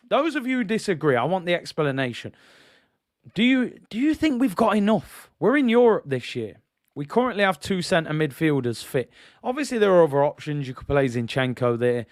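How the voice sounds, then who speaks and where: Casting: bloke, fan-channel host, fed-up rant, higher-pitched, dry close mic. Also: male voice, no room sound. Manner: frustrated, rhetorical questions, reads out viewer comments.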